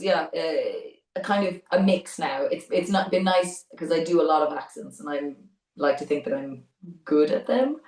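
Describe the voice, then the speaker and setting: A young adult Irish woman, a voice actor chatting in an interview, talkative and quick to laugh. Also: deep voice, a little mellow, echoey room, far from the mic, poor audio. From Ireland. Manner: chatty, laughs often, many restarts. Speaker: voice actor guest. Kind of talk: casual interview chat.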